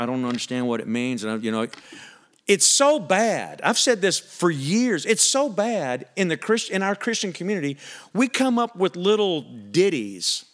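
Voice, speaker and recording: A man preaching a sermon, animated and emphatic, swinging between loud punchy lines and quiet earnest ones. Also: high voice.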